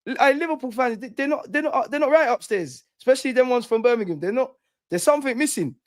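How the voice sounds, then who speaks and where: A man's voice: extremely high pitch, lively intonation, fast talker, no echo, clean studio sound. A young man hosting a live fan stream, ranting heatedly and repeating lines for emphasis. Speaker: fan channel host.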